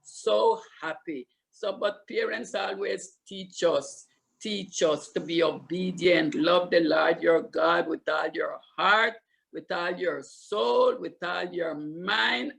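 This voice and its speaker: In a lowish, gravelly voice, an older woman from Limón, Costa Rica, slowly relates childhood memories in Limón Creole English. She tells them with animation, doubling up words for emphasis.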